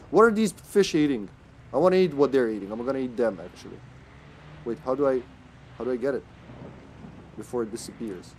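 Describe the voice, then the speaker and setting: A man commentates a live retro game stream. He rambles casually and jokes with his viewers, with a medium-pitched voice. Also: a little mellow, slight background noise. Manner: chatty and jokey, often laughing, greeting chat.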